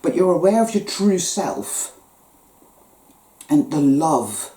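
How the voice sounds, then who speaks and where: A woman's voice: low voice, expressive, slow, dark tone. A woman giving an earnest, conversational spiritual monologue, dropping frequent swear words. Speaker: spiritual vlogger. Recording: echoey room.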